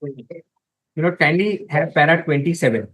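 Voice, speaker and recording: Man, courtroom advocate, formal, emphatic, reads from documents, fairly high pitch. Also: moderate pace, a bit bright, low-quality recording. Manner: deferential, repeatedly saying my lord.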